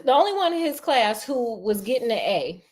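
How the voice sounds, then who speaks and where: A woman reading a novel aloud as a storyteller, breaking off for sassy, animated asides. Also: fairly high pitch, normal speed.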